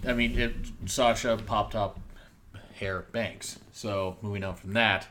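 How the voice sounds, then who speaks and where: A man's voice: fairly low pitch, steady tone, a little slow, fairly bright tone, a little hiss or hum. A man hosting a casual wrestling review podcast, rambling and joking with plenty of ums. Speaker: podcast host.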